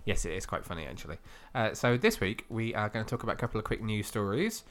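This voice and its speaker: A man's voice: on the low side, big pitch swings, fast, fairly bright tone. Chatty, teasing male podcast co-host. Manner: chatty and teasing, lots of laughter. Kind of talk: casual podcast chat.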